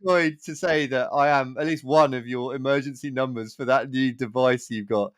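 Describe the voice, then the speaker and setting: A man's voice: mid-range voice, fairly even intonation, brisk, no echo, clean studio sound. A man hosting a podcast, chatting casually with an old school friend, swearing and laughing as he tells stories. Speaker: podcast host. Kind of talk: casual chat.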